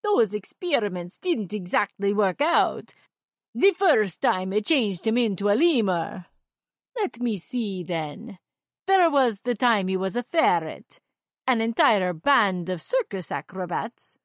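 A woman voicing a frantic, excitable male mad scientist in a children's storybook reading, exclaiming loudly. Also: slow pace, no echo, studio quality. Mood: excited, manic. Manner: loud, exclaiming, with big leaps in pitch.

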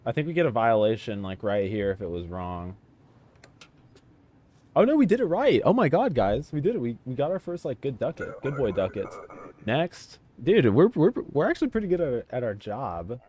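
A man giving casual let's-play commentary as a streamer, excitable, joking and easily sidetracked. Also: mid-range voice, moderate pace. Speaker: gamer streamer.

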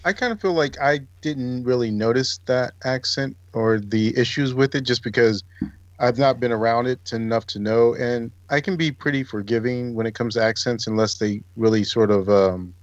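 Podcast co-host, easygoing man, lowish voice on a muffled, dry mic. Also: no room sound. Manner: easygoing, searches for words. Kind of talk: casual chat.

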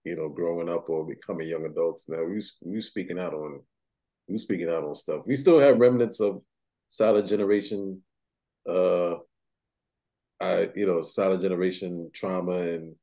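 A man's voice: deep voice, normal speed, mellow. A man co-hosting a podcast, talking in a slangy, emphatic way and often repeating words. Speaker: podcast co-host. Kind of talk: casual chat.

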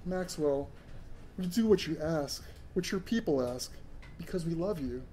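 A tender alien guardian in a hushed, compassionate voice, as a male reader puts him on. The tone stays dark and mellow, a little higher than an everyday male voice. It sounds like a storybook reading. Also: animated, moderate pace, slight background noise, close to an everyday voice. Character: gentle alien caretaker, soft and compassionate.

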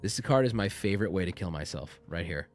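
Streamer type, thirties, lively swinging pitch, reads cards in silly voices, faint music under him. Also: male voice, a little fast. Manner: animated, jokey, reads card text aloud with goofy voices. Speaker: streamer opening card packs. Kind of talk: casual stream chat.

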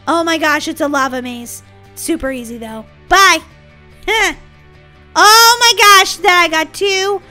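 A woman's voice: very high voice, slow pace, bright, forceful tone, soft background music. A woman hosting a gaming channel, giving bubbly, giggly, silly let's-play commentary.

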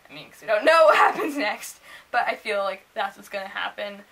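A teenage girl reviewing a book in a casual vlog, gushing and excitable, bursting into squeals. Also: medium pitch, fairly quick, vocal fry. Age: teens. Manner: gushing, excitable, often acts out the characters in squeals.

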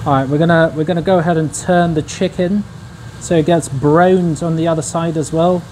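A man's voice: fairly high pitch, fairly even intonation, fairly quick, noisy background. Laid-back young man, slangy. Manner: laid-back, slangy, chats to viewers while cooking. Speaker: streamer. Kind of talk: casual cooking livestream chat.

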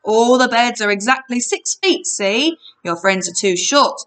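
A woman's voice: on the high side, animated, a little slow, fairly bright tone, voice pushed up. A woman voicing a pushy, boastful male giant waterbed salesman in a storybook reading, with a wheedling sales patter.

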